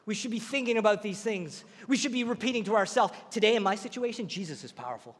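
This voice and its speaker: A man preaching a sermon, retelling a story with lively, acted-out quotes. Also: high-pitched, fast talker, big-room sound.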